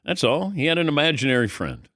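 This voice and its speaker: A middle-aged man hosts a sports talk show with a lively, rising-and-falling voice that swings widely from phrase to phrase. He tells animated stories and acts out quotes in a casual studio chat. The sound is close and dry, with no room around it. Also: a little high, quick pace, dry recording. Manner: animated storyteller, acts out quotes, laughs mid-sentence. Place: radio studio.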